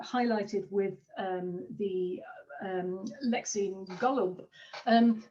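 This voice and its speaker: A woman's voice: medium pitch, a little mellow. A woman lecturer giving an academic seminar talk, hesitant with many fillers. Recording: distant muffled online talk recording.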